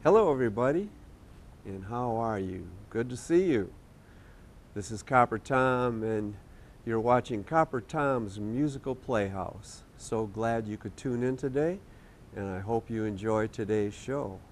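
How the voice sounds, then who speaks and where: A man hosting a children's TV show, talking gently and patiently to young kids and a puppet in a studio. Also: medium pitch, unhurried. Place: community TV studio.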